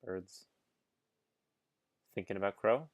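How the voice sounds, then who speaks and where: Deep-voiced male reactor, casual and chatty, dry close sound. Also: takes it slowly, no echo, phone-quality sound. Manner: chatty and easily amused, talks to his dog. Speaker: reaction video host.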